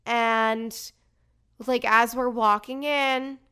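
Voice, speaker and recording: A woman podcast host chats through a night-out story, gossipy and animated. Her voice sits a bit high and carries a gravelly fry. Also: brisk. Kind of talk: casual chat.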